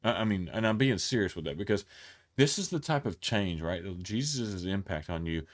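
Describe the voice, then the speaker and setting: A man with a low voice leads a relaxed Bible study, retelling scripture in plain everyday language. He talks off the cuff, restarting his sentences and briefly acting out the characters' lines. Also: moderate pace. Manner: conversational, retells scripture in everyday speech with acted quotes; frequent restarts and fillers. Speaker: pastor. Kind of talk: casual Bible study teaching.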